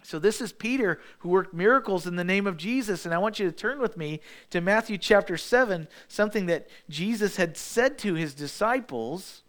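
A man's voice: high-pitched, expressive, normal speed, few pauses, a bit bright. A man preaching a sermon in a casual, storytelling way, often restarting his phrases.

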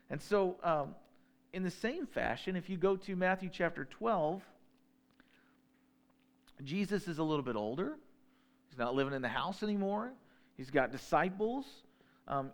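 A man preaching a sermon in a relaxed conversational way, slowing down when he reads scripture. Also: a little high. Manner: conversational, slows down to read scripture. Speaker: pastor.

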